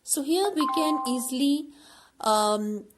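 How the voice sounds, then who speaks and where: A woman teaches a classroom lesson at an unhurried pace. Her voice sits a little high, and she repeats words and fills pauses with "uh" as she explains. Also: music in the background. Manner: slow, repetitive explaining with many fillers.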